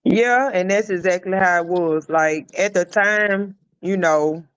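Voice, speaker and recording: A woman, the guest and a player's mother, telling animated stories in a casual interview. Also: lowish voice, measured pace, clean tone, dry recording, lo-fi sound. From Alabama. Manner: animated, chatty storytelling.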